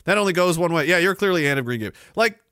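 A man's voice: a little high, expressive, racing, bright, forceful tone, smooth, no echo, clean studio sound. A man hosting a livestream, ranting sarcastically about the news and reading out viewer comments. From Canada. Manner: sarcastic, ranting, swears freely. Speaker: livestream host.

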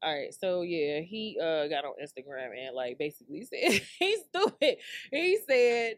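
A woman's voice: on the low side, unhurried, no room sound. Woman doing a solo podcast rant, slangy AAVE, laughs a lot, dry close mic. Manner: chatty, laughs often, slangy and animated. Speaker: podcast host.

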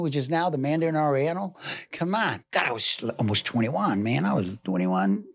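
Older New York man spinning anecdotes, wildly up and down in pitch, dry close sound. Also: normal speed, creaky, husky, dry recording. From New York City. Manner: lively storyteller who acts out voices and scenes. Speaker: actor telling stories. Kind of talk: animated anecdote in an interview.

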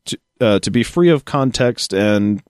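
A man's voice: on the low side, lively intonation, unhurried, darkish tone, no room sound, studio quality. Man casually riffing on the news. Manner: reads news excerpts then jokes and laughs. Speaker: podcast co-host reading news. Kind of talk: casual podcast chat reading articles aloud.

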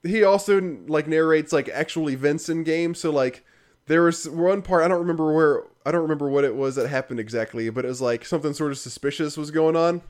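A man's voice: on the high side, a little fast, a little mellow. A man in casual conversation, rambling through a critical game review with lots of fillers and the odd laugh. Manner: rambling, heavy use of fillers, frequent laughs; dry, critical.

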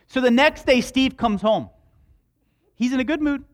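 A man's voice: extremely high pitch, normal speed. A man preaching a sermon in a conversational way, with joking asides to the congregation. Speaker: pastor.

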